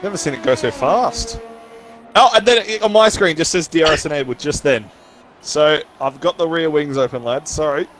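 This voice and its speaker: A man calling a sim race with plenty of playful banter. His pitch leaps up high whenever he gets excited, then settles back into easy chat. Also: brisk, soft background music. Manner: excitable, jokey banter with sudden high yelps. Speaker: co-commentator. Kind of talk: sim racing commentary.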